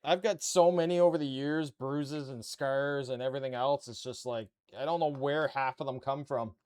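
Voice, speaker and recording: A man's voice: medium pitch, steady tone, moderate pace, a little mellow. Chatty man muttering through a build. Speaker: streamer building a model kit. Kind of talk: casual live-stream chat.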